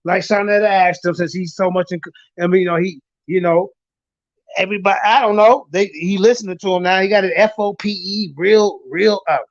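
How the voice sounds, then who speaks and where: A man's voice: sits high, a bit bright, dry recording. A man hosting a heated online group chat, ranting and cursing, repeating himself as he argues. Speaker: show host. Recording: dull, dry online call audio.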